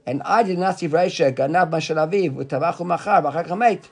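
Animated man teaching a Talmud class. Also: on the high side, fast. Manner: lively explaining, acts out the rabbis' words, quizzes a student. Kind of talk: explaining a text in a study class.

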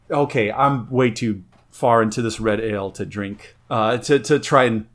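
A man's voice: lowish voice, moderate pace, few pauses. A man co-hosting a podcast, casually and playfully explaining things with enthusiasm. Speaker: podcast co-host.

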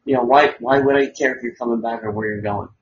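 A man's voice: medium pitch, steady tone, fast. A man hosts a loose podcast chat in a mid-range voice, rambling and sarcastic with plenty of swearing. The audio is dull and lo-fi. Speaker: podcast host. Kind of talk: casual crude chat.

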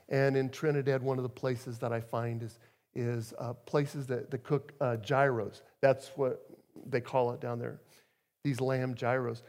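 A man preaching as a guest speaker, his voice sitting fairly high for a man. He tells stories from the pulpit, dropping soft and then rising loud for emphasis. He sounds middle-aged. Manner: storytelling, emphatic swings in loudness. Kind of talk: sermon.

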